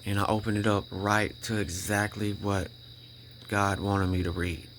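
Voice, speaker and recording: A man with a very low voice tells his faith testimony in an earnest, casual way. He stumbles, repeats himself and keeps asking "right?" A faint chirp of crickets sits behind him. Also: flat delivery, fairly bright tone, slight background noise. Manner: emphatic, repeats himself, keeps checking in with "right?" and "you know?"; halting restarts when emotional. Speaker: vlogger sharing a personal faith testimony.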